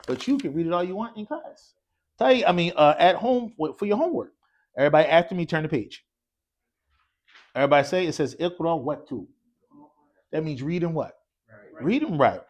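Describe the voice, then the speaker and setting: A man's voice: a little high, a little mellow. A man teaching an Arabic class in a mosque classroom, leading call-and-response drills and quizzing students with casual, encouraging prompts.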